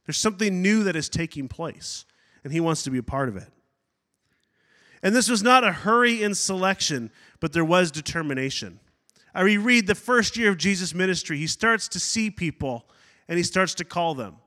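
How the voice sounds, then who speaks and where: A man's voice: sits high, animated, moderate pace, pushed and bright. A man pastor giving a sermon, preaching with energy, adding asides and acting out quotes. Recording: long hall reverb.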